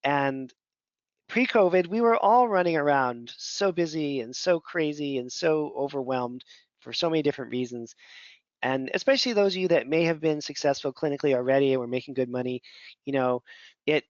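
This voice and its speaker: Male mentor, slightly high voice, chatty and meandering, dull lo-fi recording. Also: brisk, dry recording. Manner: conversational, rambling, many fillers. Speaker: functional medicine mentor. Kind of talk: casual teaching talk. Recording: dull lo-fi audio.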